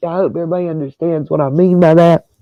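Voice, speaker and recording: A man's voice: on the high side, fairly even intonation, fast talker, dark tone, no echo, muffled recording. A man hosting a casual livestream, talking straight to his viewers in an emotional, rambling way. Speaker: livestream host.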